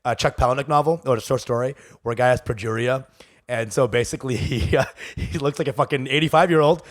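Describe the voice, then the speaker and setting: A man's voice: medium pitch, fast talker. A man co-hosting a comedy podcast, telling crude stories in a rambling, restart-filled way. He grew up in Texas. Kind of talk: casual comedic podcast banter.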